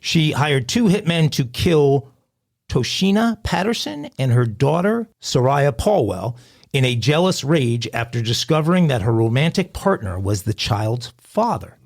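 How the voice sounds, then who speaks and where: A man's voice: mid-range voice, big pitch swings, measured pace, vocal fry. A man co-hosting a crime podcast, reading news stories aloud and adding jokey asides. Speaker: podcast co-host.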